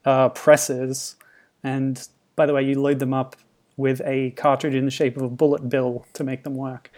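A man's voice: mid-range voice, level tone, normal speed, a little mellow. Chatty man on a film podcast. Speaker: podcast co-host. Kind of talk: casual chat.

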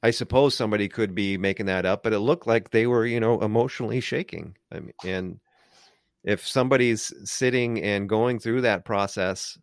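A man with a fairly low voice talks things through in a loose, rambling way, leaning on filler words. The sound is dry and close, with no room around it. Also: normal speed, no echo. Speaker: podcast co-host. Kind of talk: casual discussion.

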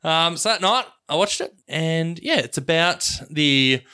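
A man's voice: on the high side, expressive, a little slow, pushed and bright, smooth. A man hosting a casual film podcast, chatting animatedly and acting out quoted people. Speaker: podcast host.

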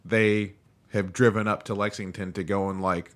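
A man's voice: fairly low pitch, little pitch movement, normal speed. A man in his thirties hosting a podcast, chatting casually and loosely with frequent filler phrases. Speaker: podcast host. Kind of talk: casual chat.

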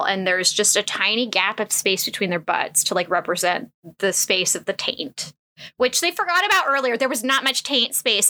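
A woman's voice: medium pitch, sharp tone. A woman hosting a casual comedic commentary, frank and crude, with lots of fillers.

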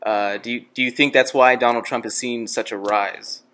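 A young man asks interview questions for a student club, hesitant and filling his pauses with "uh". His voice has a mid pitch, and his delivery stays unhurried. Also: steady tone, pushed and bright. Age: young adult. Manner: hesitant, with many fillers.

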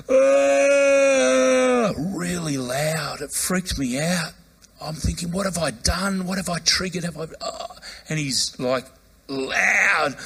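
A pastor preaches a sermon built around a personal story, acting out its voices with animation and bursting out loudly as he retells it. His voice is a little high with a breathy edge.

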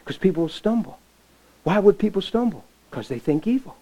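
Man, pastor, sermon, fairly high voice, folksy, impassioned, loud then hushed. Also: sing-song, fairly quick, muffled recording. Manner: folksy, plain-spoken. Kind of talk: sermon with storytelling.

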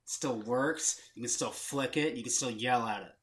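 A man's voice: medium pitch, moderate pace, noisy background. A young man co-hosting a podcast, rambling through a story in casual chat and acting out the voices of the people in it. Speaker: podcast co-host.

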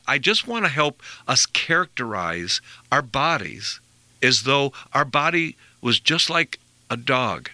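A middle-aged male radio host with a very bright, forward voice, recorded dry and close on a studio mic. He talks earnestly about health, rambling and doubling back on his words. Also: on the high side, no room sound. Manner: rambling, earnest, repeats himself. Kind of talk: conversational health talk.

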